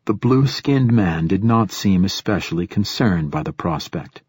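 A male audiobook narrator reads first-person fiction in a measured, steady way. His voice is deep with a husky, breathy grain, and the sound is dry and close, with no room around it. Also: no room sound.

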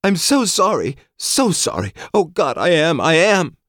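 A man's voice: sits high, normal speed, no room sound, clean studio sound, voice pushed up, natural voice. A man voicing a distraught young male psychotech, pleading in a strained, raised voice.

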